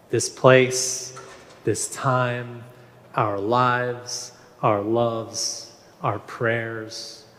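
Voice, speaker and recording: A man preaching a sermon as minister, slow and measured with gentle humor. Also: mid-range voice. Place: large church sanctuary. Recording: long reverb of a large hall.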